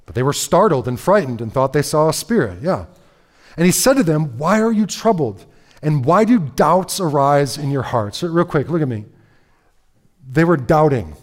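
A man preaching a sermon in a lively, conversational way, reading scripture and breaking into casual asides with frequent "right?" and "okay?". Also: fairly high pitch, normal speed. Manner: reads scripture aloud, then comments in asides. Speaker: pastor.

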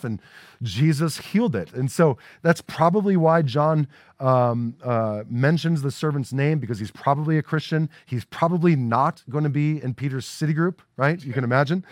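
With a voice on the high side, this man delivers a sermon as a pastor in a church sanctuary. His style is casual, sprinkled with frequent "right?" asides. The recording is dry and studio quality.

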